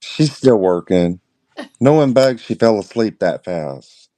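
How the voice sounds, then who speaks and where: A man co-hosts in casual banter, dropping playful, teasing remarks. His pitch swings widely and animatedly from line to line. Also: very animated, slow, mellow.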